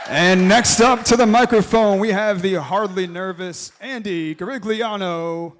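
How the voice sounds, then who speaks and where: A man acting as emcee at a wedding reception, introducing speakers with upbeat, quick announcements. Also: high voice, a little hiss or hum. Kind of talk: event announcing.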